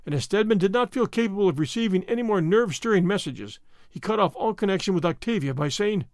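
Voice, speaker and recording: A man's voice: high-pitched, lively intonation, fast, darkish tone, dry recording, clean studio sound. A man narrating an adventure story as an audiobook, reading expressively.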